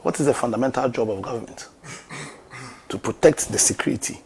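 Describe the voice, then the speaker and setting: A man's voice: medium pitch, brisk, gravelly, darkish tone, a little hiss or hum. A man with a Ghanaian English accent giving political commentary, asking rhetorical questions and turning emphatic.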